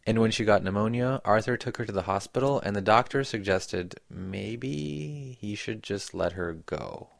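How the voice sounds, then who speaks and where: A man giving measured, reflective scripted narration for a radio story. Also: on the low side, gravelly, dry recording, studio quality.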